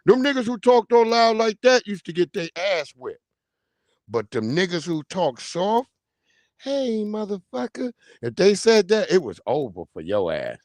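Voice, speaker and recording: A man hosting a casual livestream, talking in an animated, slangy way and calling out viewers by name. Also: high voice, normal speed, dry recording. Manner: animated, slangy, reads viewer names aloud. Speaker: livestream host.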